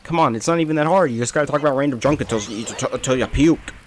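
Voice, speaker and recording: A man's voice: medium pitch, racing, a little hiss or hum. A young man rambling through self-mocking gameplay commentary, with jokes and asides. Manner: self-deprecating, rambling, jokey. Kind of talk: rambling let's play commentary.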